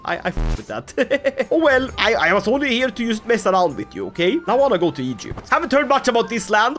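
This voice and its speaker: Lively jokey man playing a game. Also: sits high. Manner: jokey, playing a boastful Viking ruler. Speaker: gaming YouTuber. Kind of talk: comic let's-play commentary in character.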